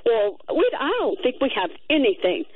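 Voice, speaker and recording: Excited woman caller on a phone line. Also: on the high side, normal speed, slightly rough, dry recording. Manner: excited storytelling, lively. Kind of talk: call-in radio chat. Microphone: telephone.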